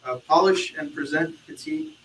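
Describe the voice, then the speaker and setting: A man's voice: on the high side, very animated, moderate pace, a crowd in the background. A male trainee reading a sales script aloud with small hesitations. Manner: reads steadily, with small hesitations. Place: training room. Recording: echoey room, mic far off.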